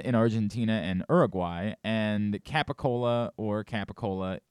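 A man's voice: fairly low pitch, normal speed, hardly any pauses, a little mellow, clean tone, no room sound, clean studio sound. A man hosting a radio show, chatting casually and reading contest promos with rising enthusiasm. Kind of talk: casual sports radio chat.

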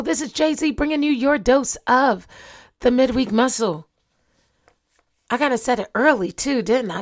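A woman's voice: on the high side, normal speed. A young adult woman hosting her own podcast, talking casually to listeners, asking them questions and laughing often. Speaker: podcast host. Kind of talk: casual solo podcast monologue.

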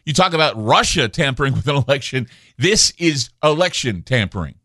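Male talk radio host, ranting and emphatic, bright forceful tone, dry close sound. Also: medium pitch, very animated, brisk, hardly any pauses, dry recording. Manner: ranting, emphatic, repeats himself.

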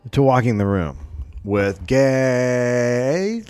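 A man's voice: medium pitch, expressive, extremely slow, over music. Teasing podcast host man. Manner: teasing, riffing banter. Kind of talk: casual comedy chat.

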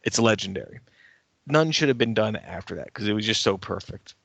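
A man co-hosting a podcast, telling a story in a casual, animated way and getting worked up as he rants. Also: fairly low pitch, brisk, gravelly, slightly rough, no room sound. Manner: animated, ranting storyteller who grows heated. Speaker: podcast co-host and editor.

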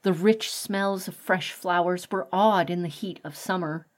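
Lady reading a storybook aloud, calm, slow, kinda low voice. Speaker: narrator. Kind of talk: audiobook narration.

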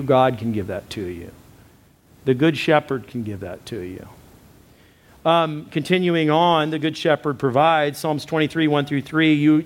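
Pastor, male, slightly raised pitch, emphatic preacher who repeats lines and addresses the congregation directly. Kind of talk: sermon.

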